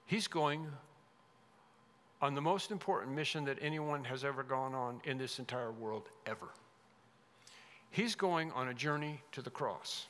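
A man preaching an expository sermon as pastor, emphatic, rising loud then dropping to a hush. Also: mid-range voice, normal speed. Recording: long reverb of a large hall.

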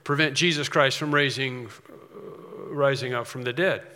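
Bright-voiced man preaching in an echoing hall. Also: mid-range voice, measured pace. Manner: emphatic, repeats key phrases. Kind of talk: sermon. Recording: long reverb of a large hall.

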